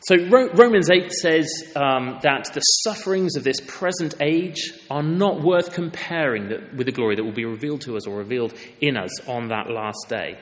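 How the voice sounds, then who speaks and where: A man's voice: medium pitch, animated, normal speed, hardly any pauses, big-room sound. A man preaching a sermon in a church, with an earnest, conversational and emphatic way of speaking.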